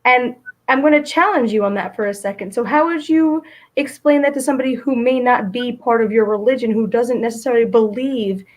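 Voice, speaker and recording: A woman's voice: a little high, brisk. A woman hosting a talk show, asking pointed questions and giving many short backchannels. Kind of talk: casual interview talk.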